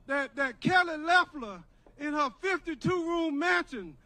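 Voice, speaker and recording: Older male rally speaker, preacherly call-and-response, high-pitched, deliberate. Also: animated, pushed and bright. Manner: preacherly, rousing, repetitive. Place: outdoor drive-in rally.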